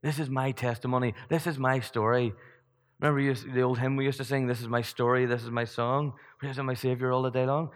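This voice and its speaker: A man delivers a sermon in a church, his voice at an everyday middle pitch. He preaches in a loose, conversational way, firing rhetorical questions at the congregation and often restarting mid-sentence. A long hall reverb trails behind each phrase. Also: fairly even intonation, fairly quick.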